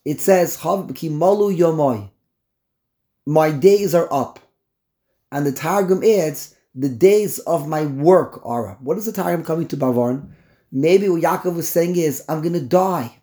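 Animated man teaching a Torah class. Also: on the high side. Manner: mixes Yiddish and Hebrew terms into English, stammering restarts, incredulous outbursts.

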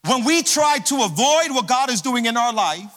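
High, bright-voiced preacher in a reverberant hall. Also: male voice, normal speed. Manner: animated preaching with call-and-response, sing-song cadence. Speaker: pastor. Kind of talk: sermon. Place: church sanctuary.

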